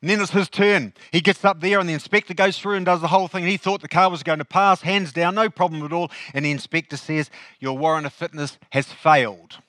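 A man's voice: sits high, steady tone, quick pace, hardly any pauses, fairly bright tone, no echo. A male pastor, preaching a sermon in a conversational way and asking the congregation questions.

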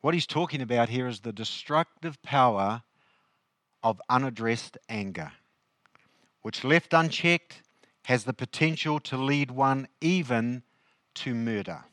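A man's voice: mid-range voice, unhurried, a bit bright, no room sound. A male pastor, preaching a sermon in a conversational way and asking the congregation questions.

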